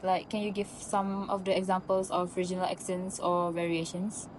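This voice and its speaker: A woman's voice: on the low side, flat delivery, normal speed, a little hiss or hum, low-quality recording. A woman interviewer asking prepared questions in a hesitant way, with fillers.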